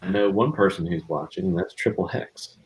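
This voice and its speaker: A man co-hosting a casual livestream, talking in a relaxed way as he walks through a chart. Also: deep voice, brisk, rough recording. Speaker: crypto livestream co-host.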